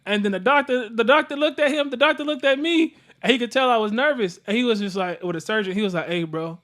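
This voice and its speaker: Quick, high-voiced man telling a story. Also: fairly bright tone. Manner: playful, storytelling, slangy. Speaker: podcast host. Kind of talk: casual chat.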